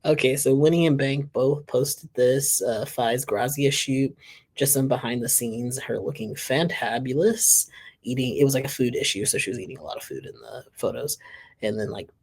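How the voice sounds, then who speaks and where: A man's voice: mid-range voice, moderate pace, husky. A man hosting a casual reaction channel, chatting and giggling as he reads social media posts aloud.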